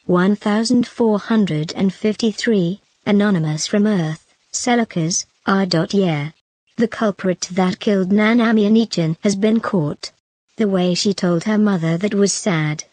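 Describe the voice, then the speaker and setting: A woman narrating a web novel, reading out numbered chat comments in a steady, listing delivery. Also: medium pitch, unhurried, dry recording.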